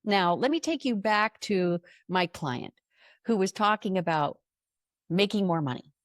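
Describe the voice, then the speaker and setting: A woman's voice: mid-range voice, measured pace, dry recording, clean studio sound. A middle-aged woman hosting a motivational podcast, telling stories and acting out the people in them. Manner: animated storytelling, acts out quoted voices. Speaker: podcast host and coach. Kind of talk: motivational monologue.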